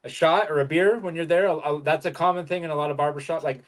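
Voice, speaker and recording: A man co-hosting a podcast in casual chat, talking hesitantly with many pauses and restarts. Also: a little high, fairly even intonation. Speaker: podcast co-host.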